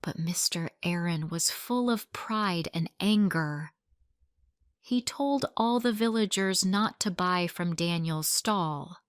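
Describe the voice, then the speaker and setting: A woman's voice: fairly low pitch, no echo, studio quality. A woman reading a simple love story aloud as narrator for English learners. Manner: slow, clear, simple storytelling.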